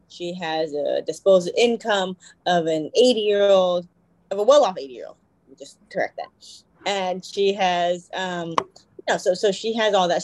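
A woman's voice: fairly low pitch, no echo, low-quality recording. A young woman co-hosting a podcast in casual chat, rambling and correcting herself as she goes. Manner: rambling, self-correcting, animated quoting. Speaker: podcast co-host.

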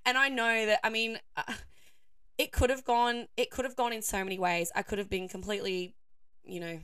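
A young woman hosts her own podcast in a loose, chatty way. Her voice is croaky and hoarse, and she laughs often and fills her sentences with easy fillers. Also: medium pitch, steady tone, fairly quick, fairly bright tone, dry recording, clean studio sound. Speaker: podcast host. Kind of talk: casual solo podcast chat.

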